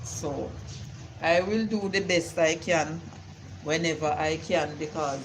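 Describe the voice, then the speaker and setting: A woman's voice: low-pitched, steady tone, takes it slowly, a little hiss or hum, poor audio. An older woman, chatting casually on a live stream and telling rambling stories with Bible sayings.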